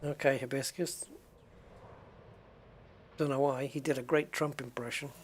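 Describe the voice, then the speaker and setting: A man's voice: medium pitch, fairly even intonation, unhurried, a little hiss or hum. A middle-aged man streaming a game, chatting casually with viewers, rambling and chuckling as he goes. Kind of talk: casual live-stream chat while playing.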